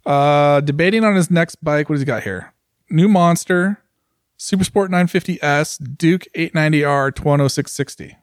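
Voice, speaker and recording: A man's voice: a little high, normal speed, no room sound, studio quality. A man co-hosting a casual podcast chat, teasing and playful. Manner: teasing, playful, bursts into mock voices. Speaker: podcast co-host.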